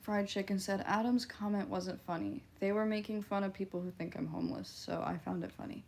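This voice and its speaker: A woman's voice: mid-range voice, fairly even intonation, brisk, darkish tone, slight background noise. A woman with a Midwestern twang, casually chatting on a livestream and answering viewer comments in a blunt, offhand, profane way.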